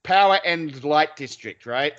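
An Australian man with a bright, forceful voice, swearing his way through a rambling story. He restarts his sentences often, and the recording sounds dull and lo-fi. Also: a little high, lively intonation, measured pace. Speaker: podcast co-host. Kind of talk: casual chat.

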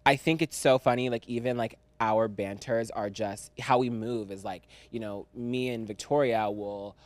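A man's voice: medium pitch, steady tone, normal speed, no room sound. A man hosting a podcast in casual chat, chatty and slangy, teasing his guest. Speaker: podcast host.

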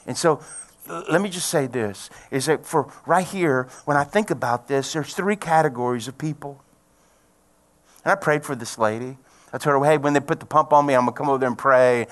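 A man's voice: mid-range voice, normal speed. Folksy storytelling man preaching. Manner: folksy storytelling, rising to loud excited preaching. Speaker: pastor. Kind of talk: sermon.

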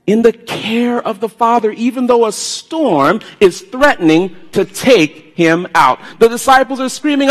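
Lively preacher in a reverberant hall. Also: male voice, high-pitched. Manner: animated storytelling, swinging from loud bursts to hushed tones. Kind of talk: sermon. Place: church sanctuary.

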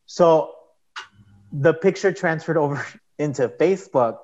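A man's voice: fairly high pitch, measured pace, a little mellow. A man telling a personal story in casual conversation as an interview guest, rambling and saying "like" a lot. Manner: rambling, heavy use of "like". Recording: dull, muffled sound.

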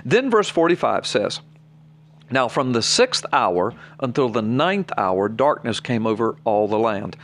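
A man's voice: medium pitch, sing-song, unhurried, a little hiss or hum. A man, a preacher on a podcast, reading scripture aloud and explaining it plainly to his co-host in an earnest, personal way. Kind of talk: podcast Bible teaching.

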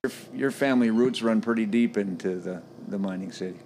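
Halting male podcast interviewer. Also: fairly low pitch, darkish tone, soft background music. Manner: halting, stumbling restarts, laughs easily. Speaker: podcast host interviewing a guest. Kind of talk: casual interview chat.

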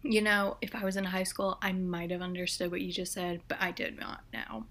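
A young adult woman co-hosting a casual chat, reading out quiz questions in a relaxed, chatty way. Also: fairly low pitch, brisk. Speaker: co-host.

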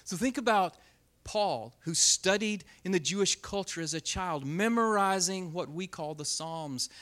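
Expressive male Bible teacher with a high voice; swings from punchy emphasis to soft near-whisper. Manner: expressive, shifts between loud emphasis and hushed near-whisper; speeds up and slows down on purpose.

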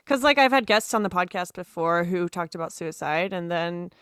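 A woman hosting a casual podcast interview, chatty, supportive and quick to laugh. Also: on the low side, expressive, a bit bright, clean tone, dry recording. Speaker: podcast host.

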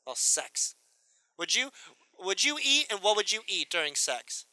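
A man hosting a podcast in casual chat, his voice high and very bright. He jokes crudely and laughs often. The sound is dry and close. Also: normal speed, dry recording. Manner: crude, laughing, animated storytelling.

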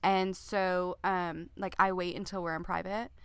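A woman's voice: lowish voice, level tone, unhurried, clean tone, dry recording. A middle-aged woman, a parent of older kids, co-hosting a casual parenting chat in an earnest, reflective way. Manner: earnest, reflective, with many fillers. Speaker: podcast co-host.

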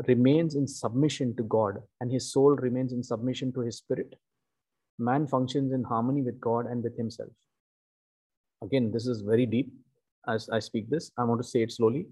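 Male preacher, husky warm tone, deliberate emphatic sermon delivery. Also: medium pitch. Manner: slow, emphatic teaching with repeated "okay" and "you know".

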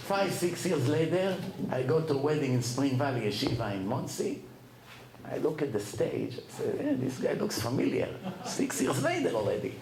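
A man giving a Torah lecture as a lively storyteller who laughs at his own tales. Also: mid-range voice, normal speed, crowd noise. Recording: echoey room with faint ambience.

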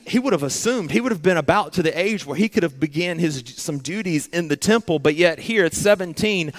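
A man preaching a sermon, earnest and dramatic, acting out pleading prayers in short repeated phrases. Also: on the high side.

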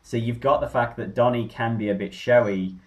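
A man in casual conversation, telling stories with enthusiasm and animated energy. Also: medium pitch, fairly quick. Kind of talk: casual film chat.

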